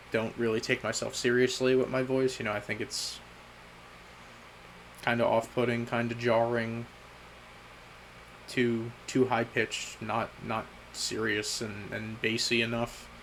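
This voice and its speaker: A young man speaks at an ordinary middle pitch in a candid message to his future self, halting and stopping to restart his sentences. His self-critical talk comes in short bursts between pauses, over a faint hiss. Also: level tone, gravelly, fairly bright tone, rough recording. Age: young adult. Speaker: vlogger.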